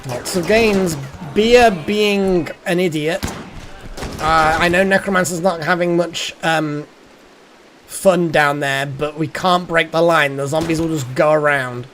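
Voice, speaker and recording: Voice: mid-range voice, measured pace, noisy background. A streamer giving live gameplay commentary, thinking aloud, muttering and swearing at the game.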